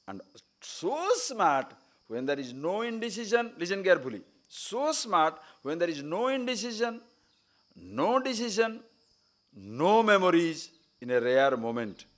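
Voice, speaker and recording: Animated man teaching a spiritual talk. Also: on the high side, measured pace. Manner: animated storytelling, acting out quoted speakers. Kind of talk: spiritual discourse. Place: retreat camp.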